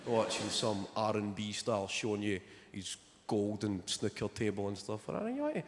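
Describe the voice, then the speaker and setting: A young Scottish man doing a stand-up set, telling stories in a dry, deadpan way and swearing casually. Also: on the low side, normal speed. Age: young adult. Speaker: stand-up comedian. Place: large theatre stage. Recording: live hall reverb, loud audience noise.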